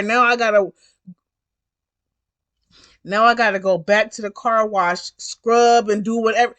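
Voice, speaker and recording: A woman's voice: a little high, fairly even intonation, measured pace, long pauses, a bit bright. A woman who drives for a rideshare service, telling a story in a vlog in a blunt, emphatic way and repeating herself for stress.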